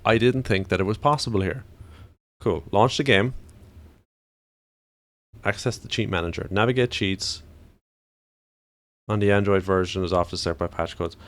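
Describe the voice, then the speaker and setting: A man's voice: lowish voice, moderate pace, pauses often, a bit bright. A man streaming, chatting casually and ranting to himself as he browses.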